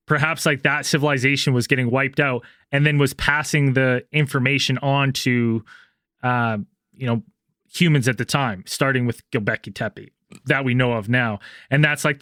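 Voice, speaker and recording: A man's voice: medium pitch, fairly even intonation, normal speed, a bit bright, clear, resonant tone, dry recording, studio quality. Man relaying a theory, full of fillers. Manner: relaying ideas with many fillers. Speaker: podcast co-host. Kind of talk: casual chat.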